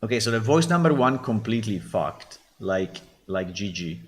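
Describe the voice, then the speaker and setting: Give me a blunt man with an Italian accent giving casual stream commentary in a lowish voice. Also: animated, normal speed. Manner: blunt, critiques and swears freely. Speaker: game developer host.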